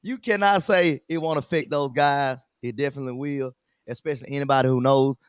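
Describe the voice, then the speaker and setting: A man's voice: mid-range voice, fairly even intonation, fairly quick, clean tone, dry recording, clean studio sound. A man with a Southern US country accent, a good-humored panelist on a sports talk show.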